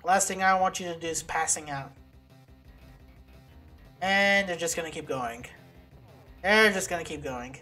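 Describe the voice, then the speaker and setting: Woman gamer, unhurried talk, excitable outbursts, swearing, faint game music. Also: fairly low pitch. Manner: excitable, swears and yelps at setbacks. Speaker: let's play gamer. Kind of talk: casual gameplay commentary.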